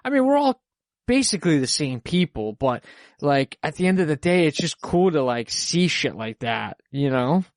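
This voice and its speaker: A man's voice: on the high side, sing-song, normal speed, no echo, studio quality. A young man, a podcast host, chatting casually in a rambling, profane way with lots of fillers. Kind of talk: casual chat.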